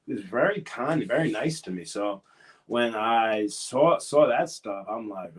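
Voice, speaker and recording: Man, mid-pitched voice, earnest, hesitant, casual interview guest. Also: animated, unhurried. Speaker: professional wrestler, guest.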